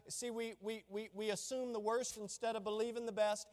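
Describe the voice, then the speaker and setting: A man preaching a sermon to a congregation, swinging between loud, ringing proclamations and hushed, low asides. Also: moderate pace, hardly any pauses. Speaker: pastor. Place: church sanctuary. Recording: long reverb of a large hall.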